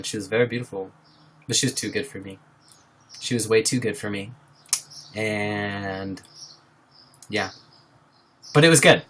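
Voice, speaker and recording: Bright-voiced chatty live-streaming guy. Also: medium pitch. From Iowa, USA. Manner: chatty, reads viewer comments aloud and answers them, laughs often. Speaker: livestreamer. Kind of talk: casual live-stream chat.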